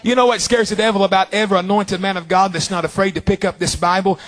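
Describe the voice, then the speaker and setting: High-voiced man preaching fervently. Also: steady tone, a bit bright. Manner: fervent preaching with long drawn-out phrases. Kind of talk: sermon.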